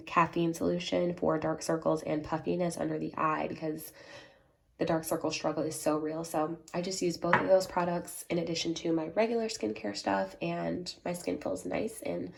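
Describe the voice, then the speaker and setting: A woman's voice: fairly low pitch, creaky, slight background noise. A young woman chatting casually at home for her vlog, a little congested and nasal, with plenty of fillers. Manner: chatty, filler-heavy, speaks softly at times. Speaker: vlogger. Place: at home, bedroom.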